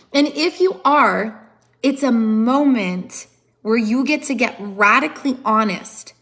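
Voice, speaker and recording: A woman's voice: a little high, a bit bright. Woman, motivational talk, emphatic, earnest, repeats herself for stress, phone livestream. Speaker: motivational speaker. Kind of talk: live-streamed motivational talk.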